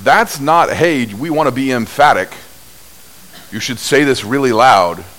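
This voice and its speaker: A man preaching a sermon in an unhurried, measured way, his voice at a middle pitch. He tells stories animatedly, rising high and loud and then dropping low and soft. A faint hiss sits under the recording. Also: rough recording. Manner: unhurried, animated storytelling with wide swings in pitch and loudness. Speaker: pastor.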